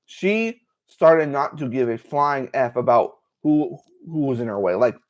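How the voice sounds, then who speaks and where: Excitable man hosting a livestream. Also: medium pitch, a little slow. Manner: excitable, many "like" fillers. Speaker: host. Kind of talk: casual livestream commentary.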